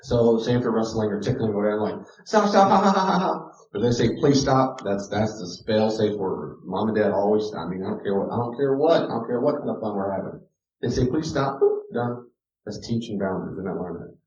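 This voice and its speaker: A middle-aged man giving a sermon-style teaching, animated, often acting out children's voices. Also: on the low side, fairly quick. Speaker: pastor teaching a class. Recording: echoey room, dull lo-fi sound.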